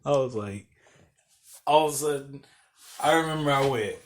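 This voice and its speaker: A man's voice: mid-range voice, normal speed. A young man, a podcast host, telling a loose, profane story in casual chat and laughing as he goes. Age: young adult.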